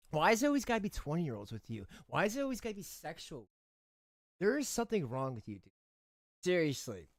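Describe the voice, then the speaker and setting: A man's voice: sits high, dry recording, clean studio sound. A man doing reaction commentary, mocking and scornful, often breaking into laughter. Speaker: commentary streamer.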